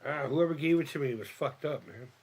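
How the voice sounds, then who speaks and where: A man's voice: a little high, a little fast, creaky, a little mellow, husky. A man live-streaming as he builds a model kit, rambling and thinking aloud, swearing often and laughing at himself. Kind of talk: casual live-stream chat while crafting.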